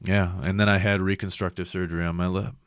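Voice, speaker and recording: Very low-voiced man telling rambling stories. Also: little pitch movement, fast talker, clean tone, no echo, clean studio sound. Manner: rambling, profane storytelling. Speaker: podcast host. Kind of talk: casual chat.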